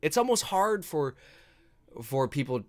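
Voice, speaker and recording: Excitable man with a lively voice. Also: on the high side, measured pace. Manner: excitable, swears freely, reads chat aloud. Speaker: host giving live movie commentary. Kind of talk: casual live commentary.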